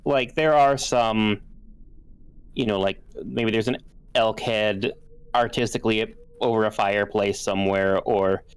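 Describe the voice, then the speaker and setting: A man narrating a tabletop horror game as game master in a relaxed, conversational way with frequent fillers. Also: fairly low pitch, a little slow, clear, resonant tone.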